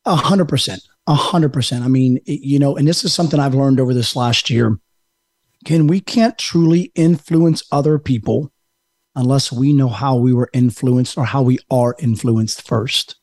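A man's voice: medium pitch, moderate pace, a little mellow, dry recording. Earnest man speaking reflectively. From United States. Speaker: podcast guest. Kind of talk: casual interview.

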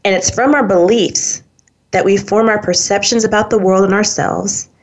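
A woman's voice: medium pitch, fairly even intonation, moderate pace. A woman hosting a self-help talk show, speaking upbeat and straight to her listeners in a coaching manner. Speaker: host.

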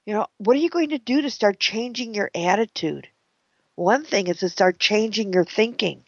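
Woman speaker spinning a story, slows way down for emphasis, kinda dull lo-fi sound, dry. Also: medium pitch, dry recording. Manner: dramatic, repetitive storytelling with slowed emphasis. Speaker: motivational speaker. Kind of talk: personal storytelling talk.

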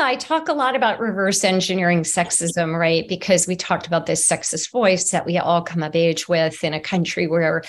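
Earnest middle-aged woman on a video call. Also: lowish voice. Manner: earnest and animated, acts out examples. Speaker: author and interview guest. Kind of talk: conversational interview.

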